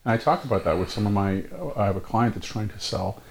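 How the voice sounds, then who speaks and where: A man's voice: on the low side, fast talker, darkish tone, slight background noise. A man hosting a casual business conversation, asking questions with frequent fillers. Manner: asks questions, frequent "yeah" and "you know".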